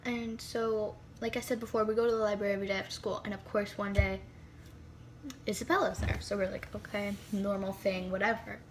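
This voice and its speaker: A teenage girl chats through a storytime vlog, her mid-pitched voice quick with fillers and sudden whispered asides. Faint background hiss sits under her phone recording. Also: little pitch movement. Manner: chatty, heavy use of "like", dramatic asides and whispered comments. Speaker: vlogger.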